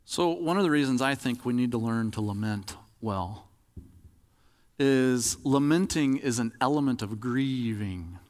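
A man's voice: mid-range voice, expressive, unhurried, darkish tone, long reverb tail. A man preaching a sermon in a conversational, demonstrative way, acting out examples as he talks.

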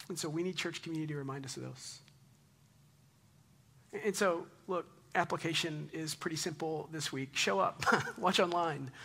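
A man in his thirties preaching a conversational sermon, telling stories in an animated way and closing in prayer. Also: a little high, gravelly. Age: 30s. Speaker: pastor.

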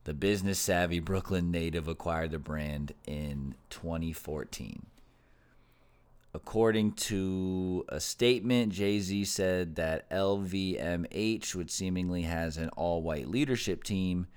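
A man hosts a casual podcast, reading headlines aloud before riffing on them in loose slang. His voice sits low and smooth, and he talks at an unhurried, slow pace. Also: darkish tone. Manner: reads news aloud then riffs with slang and swearing. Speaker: podcast host. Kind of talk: casual news chat.

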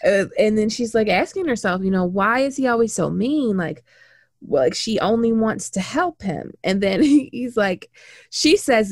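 A woman in casual chat, animated and blunt, swearing freely and acting out quotes as she talks. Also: medium pitch, normal speed, no echo, studio quality. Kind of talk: casual book discussion.

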